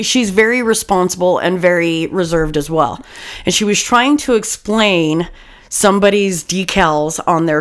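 A woman chatting casually as co-host, telling lively stories, swearing freely and laughing often. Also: lowish voice, clean tone. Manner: animated, voices the people in her stories. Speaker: podcast co-host. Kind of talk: casual chat, storytelling.

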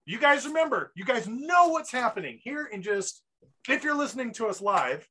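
A man's voice: very high voice, big pitch swings, normal speed, bright, forceful tone. A man hosting a podcast in an upbeat, hype-style casual chat, full of fillers. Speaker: podcast host.

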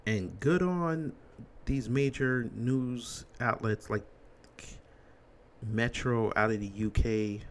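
A man's voice: medium pitch, takes it slowly. A man hosting a commentary show, ranting bluntly and emphatically with crude language. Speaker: commentary host.

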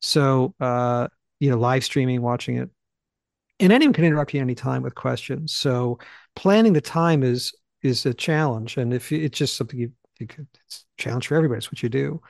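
Gravelly, fast-talking man on a podcast. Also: medium pitch, a little mellow, dry recording, clean studio sound. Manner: fast, eager talker who clips his sentences and restarts. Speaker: Bible study teacher. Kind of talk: casual podcast conversation.

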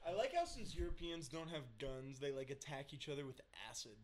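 Brief: slightly high-voiced man, dry deadpan chatter. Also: a little fast, a little hiss or hum. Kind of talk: casual chat.

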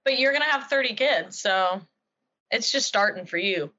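A woman's voice: mid-range voice, lively intonation, moderate pace, bright, forceful tone. A woman in her twenties co-hosting a casual, joking chat show, often trailing off mid-thought. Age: 20s. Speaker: co-host. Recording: dull lo-fi sound.

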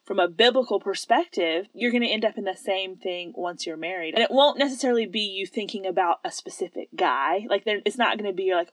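A woman co-hosting a casual Christian conversation, talking with lively energy and frequent laughter. Her voice sits at an ordinary pitch and is recorded close and dry, with no room sound around it. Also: moderate pace, no room sound. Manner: lively, laughs often, quotes scripture. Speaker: podcast co-host. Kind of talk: casual faith-based chat.

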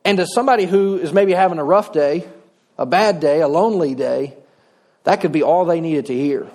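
A man's voice: on the high side, brisk, a little mellow. A middle-aged man, preaching a sermon in a folksy, conversational way with touches of humor. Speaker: pastor.

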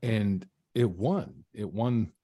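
A man's voice: lowish voice, takes it slowly, dark tone, no room sound, clean studio sound. A man, a podcast guest, telling a personal story in an interview, earnest and often restarting his sentences. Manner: earnest, frequent false starts and repeats.

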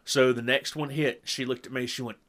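A middle-aged man telling a long story in casual chat, animated and acting out what people said. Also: mid-range voice, a little fast. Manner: animated storyteller who acts out quotes. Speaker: podcast co-host.

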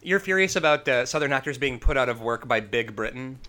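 Animated, bright-voiced man rambling. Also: mid-range voice, brisk. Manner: rambling, animated, swears casually. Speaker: podcast co-host. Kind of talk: casual film review chat.

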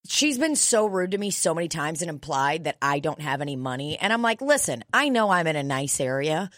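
A young woman with a deep voice hosting a podcast, telling a story in a brash, swearing rant. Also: expressive, a little fast, a bit bright, no echo, studio quality. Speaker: podcast host. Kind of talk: casual comedic chat.

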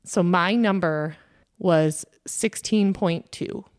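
A woman's voice: lowish voice, slow pace, smooth, no echo, studio quality. A woman in her thirties, a podcast host, telling a personal story in a candid, conversational way with plenty of fillers.

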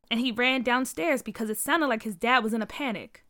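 A woman narrating a story aloud in an expressive way, giving each character a voice. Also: fairly high pitch, a little fast, dry recording, studio quality.

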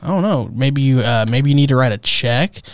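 A man's voice: medium pitch, expressive, fairly quick, no echo. Hesitant, joking man in a dry room. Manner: playful, hesitant, filler-heavy. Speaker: podcast co-host. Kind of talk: casual chat.

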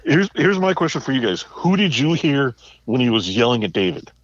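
Male co-host, lively pitch, somewhat dull lo-fi sound, dry room. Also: brisk, no room sound. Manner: storytelling, builds up to his point. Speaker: podcast co-host. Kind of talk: casual movie discussion.

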